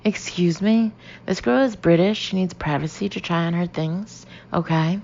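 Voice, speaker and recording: A woman's voice: lowish voice, normal speed, gravelly, darkish tone, highs cut off, slight background noise. A woman voicing a brash, chatty young American woman shopper in an audiobook, blunt and emphatic.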